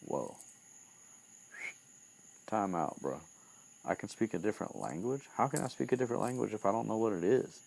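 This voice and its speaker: A man's voice: fairly low pitch, animated, moderate pace, gravelly, pauses often, a little mellow, voice pushed up. A man voicing a laid-back teenage boy wizard who talks in slang, swears and shrugs things off. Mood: baffled.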